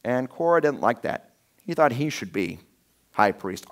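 A man preaching a conversational sermon as a pastor, telling the story casually and acting out quotes with lively shifts in voice. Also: medium pitch, measured pace. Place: church sanctuary.

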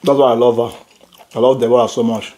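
A man's voice: mid-range voice, level tone, fast, warm tone, slight background noise. A man hosting a casual family eating video at home, teasing his daughter and laughing often while he eats. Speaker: father and channel host. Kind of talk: casual family mukbang chat.

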